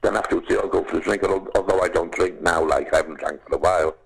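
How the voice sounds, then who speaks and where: An older man with a Liverpool accent, telling anecdotes as a podcast guest, animated and calling the listener "lad". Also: low voice, fast talker, vocal fry, breathy edge, poor audio. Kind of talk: casual storytelling.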